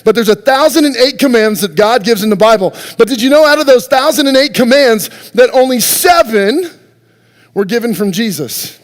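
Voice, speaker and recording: A man's voice: very high-pitched, big-room sound. A man preaching a sermon as pastor, talking conversationally and firing rhetorical questions at the congregation. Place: church sanctuary.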